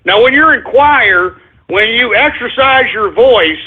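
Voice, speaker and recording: A man's voice: extremely high pitch, lively intonation, measured pace, slightly rough. A man hosting a talk radio show, ranting and rambling, repeatedly asking "all right?", over a tinny phone-line sound.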